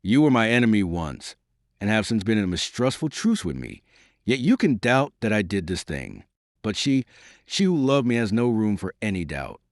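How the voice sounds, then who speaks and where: A man voicing a proud, passionate English gentleman who speaks in an impassioned, pleading way. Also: fairly low pitch, very animated, normal speed, no room sound, studio quality.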